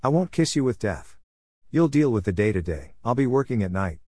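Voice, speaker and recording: A man's voice: medium pitch, big pitch swings, fairly quick, darkish tone, dry recording, clean studio sound. A man voicing a scheming, boastful male affliction spirit who mocks and gloats in a storybook tale. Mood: gloating.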